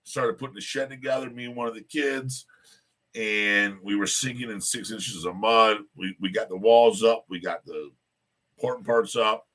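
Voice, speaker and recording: A man's voice: lowish voice, steady tone, normal speed, fairly bright tone. A man hosting a casual live rant show, rambling loosely and boastfully while drinking. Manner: rambling, loose and boastful, keeps repeating a catchphrase.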